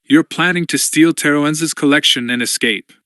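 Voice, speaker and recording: A man voicing a weary, anxious young woman who speaks softly and hesitantly in an audiobook. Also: on the high side, moderate pace, no echo, clean studio sound, voice pushed up. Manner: soft, pleading, uncertain.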